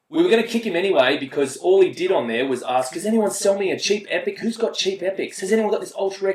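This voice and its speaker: A man's voice: mid-range voice, echoey room, rough recording. An Australian man hosting casual gameplay commentary, talking bluntly and swearing freely as he rants. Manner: blunt, profane, ranting. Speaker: mobile game player and channel host.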